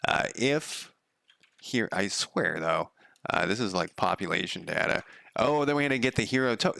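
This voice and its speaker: A man's voice: lowish voice, animated, normal speed, vocal fry, pushed and bright, no room sound. A man streaming as a game developer, talking through his code in a loose, sardonic, profane ramble. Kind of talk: casual live coding commentary.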